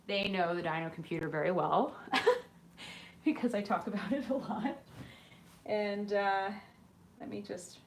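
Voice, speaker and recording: A woman's voice: mid-range voice, lively intonation, a little slow, pauses often, a little hiss or hum. A woman hosting a casual livestream from her apartment, chatting with viewers and reading their comments aloud with lots of ums. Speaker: livestream host.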